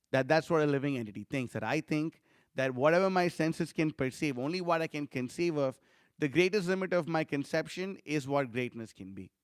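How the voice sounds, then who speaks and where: Smooth-voiced man giving a scripture class. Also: fairly high pitch, no room sound, clean studio sound. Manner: conversational, frequent "you know" fillers, animated storytelling. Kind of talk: informal scripture lecture.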